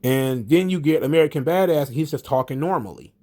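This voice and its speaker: A man hosting a casual wrestling commentary, talking in an animated, profane, rambling way with lots of fillers. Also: fairly high pitch, quick pace.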